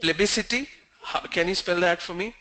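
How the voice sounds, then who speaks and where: Bright-voiced male trainer. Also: high-pitched, rough recording. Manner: explanatory, slow stressed examples. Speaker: English pronunciation trainer. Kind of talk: online training session.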